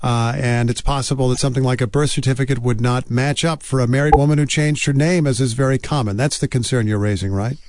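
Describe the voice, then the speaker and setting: A man hosting a news interview, asking probing, deliberate questions. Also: mid-range voice, fairly even intonation, a little mellow, no room sound. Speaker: radio news host.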